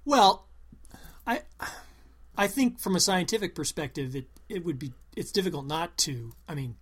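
A podcast co-host in relaxed conversation who works through ideas earnestly and at length. The voice sits at a medium pitch. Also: moderate pace, slightly rough. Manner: earnest, reasons things out at length. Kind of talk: casual chat.

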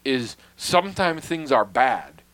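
A man's voice: mid-range voice, animated, slow, fairly bright tone. A man in casual conversation, telling a long story in a wry, self-deprecating way, swearing freely and dropping to a mutter on asides.

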